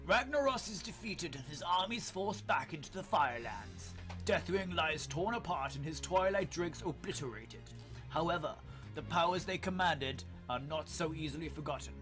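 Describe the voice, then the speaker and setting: A man's voice: on the high side, animated, moderate pace, a bit bright, faint music behind. A man voicing a solemn human male warlock, reading out a grave account in a slightly raised, declaiming tone.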